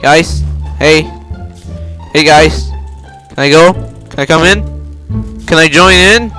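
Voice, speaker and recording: Excitable high-voiced young gamer. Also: male voice, slow, faint music behind. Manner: excitable, yelps and repeats himself. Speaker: gameplay video host. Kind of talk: casual gameplay commentary.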